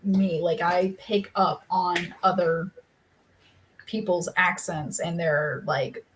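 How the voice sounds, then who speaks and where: A woman's voice: fairly low pitch, steady tone, slow pace, a little hiss or hum, rough recording. A woman co-hosting a casual live writing stream from home. She chats freely, laughs often and breaks off to scold her dogs. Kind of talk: casual chat.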